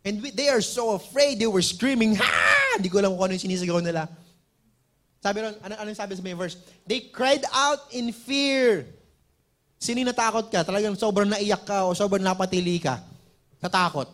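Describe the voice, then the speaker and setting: A man with a Filipino accent preaching a sermon as pastor, moving from loud emphatic declarations to soft, intimate talk. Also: sits high, very fast.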